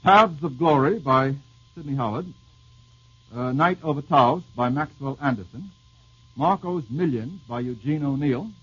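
A man with a medium-pitched, fairly bright, slightly rough voice hosts an old-time radio quiz, heard on a dull lo-fi broadcast. Quick-witted and wry, he banters with the panel and reads listeners' questions aloud.

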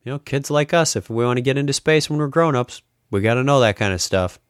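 A man's voice: medium pitch, lively intonation, quick pace, clean tone, no echo, clean studio sound. A man hosting a podcast in casual chat, joking and ranting. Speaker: podcast host.

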